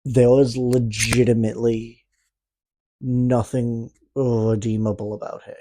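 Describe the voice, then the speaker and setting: A man's voice: mid-range voice, fairly even intonation, measured pace, warm tone, dry recording. A man from Canada with a speech impediment, recapping a horror movie in a casual, rambling way, with sarcastic, profane asides. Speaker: movie reviewer.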